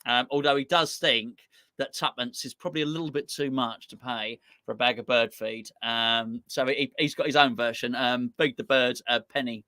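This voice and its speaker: A man's voice: medium pitch, steady tone, normal speed, sharp tone, no room sound, studio quality. A man hosting a live stream, rambling and chatting casually, joking at his own expense and reading out viewer comments. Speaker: host.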